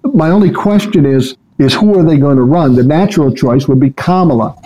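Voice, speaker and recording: An older man from Minnesota, a podcast guest, talking in a calm, measured, low-key way in casual chat. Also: low-quality recording.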